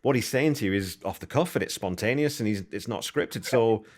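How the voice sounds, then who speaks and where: A man hosts a podcast interview in a casual, conversational way, his lowish voice expressive and a little fast. He's enthusiastic and thinks aloud as he asks his questions.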